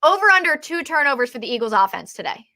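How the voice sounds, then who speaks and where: Female podcast co-host, forceful bright tone, slightly high, excitable casual sports banter. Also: fast. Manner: excitable, trails off and restarts.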